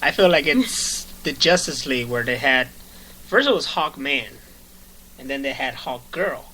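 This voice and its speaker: Brief: bright-voiced, joking male podcast host, loud and playful. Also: medium pitch, measured pace, breathy edge, rough recording. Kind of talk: casual podcast chat.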